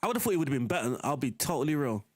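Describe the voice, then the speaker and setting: Chatty male game streamer, lively voice. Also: mid-range voice, rapid-fire. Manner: chatty, talks to chat while playing. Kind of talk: casual live-stream commentary.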